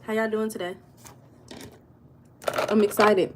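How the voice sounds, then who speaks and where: A woman's voice: medium pitch, normal speed, long pauses. American woman chatting on a live stream, says hi to everyone, faint hiss behind. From United States. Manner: chatty, greets viewers by name, answers comments. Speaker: livestream host reading viewer comments. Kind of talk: casual live chat.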